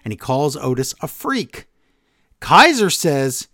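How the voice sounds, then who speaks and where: A man co-hosting a wrestling podcast, talking in a casual, exasperated, animated way with quick asides. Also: mid-range voice, no echo, studio quality. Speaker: podcast co-host.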